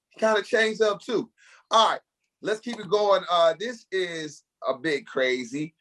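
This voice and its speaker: A man's voice: high-pitched, a bit bright. A man hosting a casual podcast chat, steering the talk and passing questions to the others. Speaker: podcast host.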